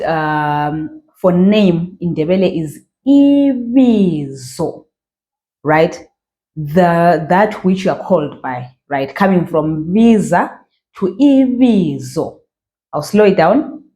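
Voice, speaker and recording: With a warm, fairly low-pitched voice, a Zimbabwean woman teaches beginners to read. As a language teacher in a slow pronunciation lesson, she patiently elongates each example word and checks in with "okay" and "all right."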